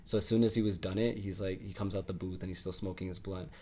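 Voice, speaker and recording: A man's voice: low voice, fairly even intonation, fast talker, crowd noise. Laid-back man telling a story. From Canada. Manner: laid-back, lots of filler words and laughs, casual swearing. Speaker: interview guest, music artist. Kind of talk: casual storytelling.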